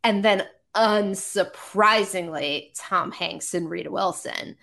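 A woman, a podcast guest, telling stories in a casual, animated, self-deprecating way with many restarts. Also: mid-range voice, takes it slowly, gravelly. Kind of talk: casual storytelling.

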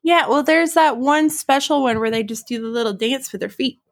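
A woman's voice: sits high, fairly even intonation, normal speed. A woman with a Southern US accent, a podcast guest in casual chat who laughs often while guessing.

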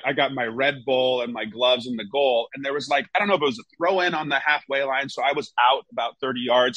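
A man's voice: mid-range voice, dry recording, poor audio. A former goalkeeper, telling stories casually in an interview and acting out his coaches. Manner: animated storyteller, acts out coaches in raised voice.

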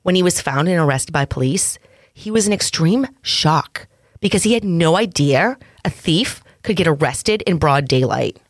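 A woman with a Massachusetts accent co-hosting a podcast, telling crime stories in playful, animated casual banter. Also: low-pitched, normal speed, dry recording, clean studio sound. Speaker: podcast co-host.

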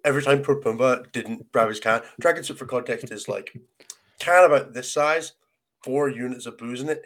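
A Scottish man with a hoarse voice, co-hosting a casual podcast chat and telling quick joking stories. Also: mid-range voice, a bit bright. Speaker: podcast co-host.

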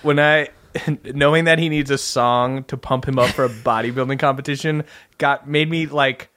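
A man's voice: mid-range voice, fairly even intonation, normal speed, fairly bright tone. A man guesting on a casual comedy podcast, chatty, giggly and enthusiastic.

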